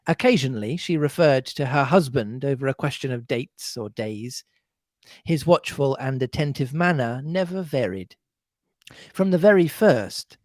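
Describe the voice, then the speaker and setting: Brief: animated audiobook-style podcast reader, dry close sound. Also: medium pitch, no room sound. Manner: expressive, animated reading. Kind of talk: reading a novel aloud with chat.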